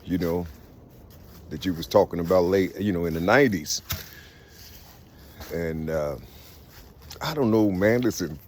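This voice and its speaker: Deep-voiced middle-aged man rambling. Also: a little hiss or hum. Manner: halting, many fillers and "you see"; swears freely. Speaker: vlogger. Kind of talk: casual rambling monologue.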